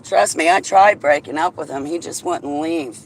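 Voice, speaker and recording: In a casual vlog shot in and around a car outdoors, a woman with a deep voice vents bluntly and argumentatively at a normal pace. The audio is poor, with traffic noise in the background.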